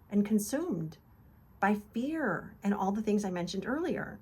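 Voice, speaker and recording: A woman's voice: mid-range voice, expressive, unhurried, a little mellow, breathy edge. A woman hosting a casual devotional talk, earnest and encouraging, retelling scripture in loose conversational words. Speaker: devotional video host.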